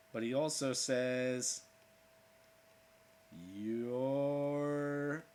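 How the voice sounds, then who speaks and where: A man hosting an art livestream, joking and talking through each step of his drawing. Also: medium pitch. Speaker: art streamer. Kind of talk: casual livestream commentary while drawing.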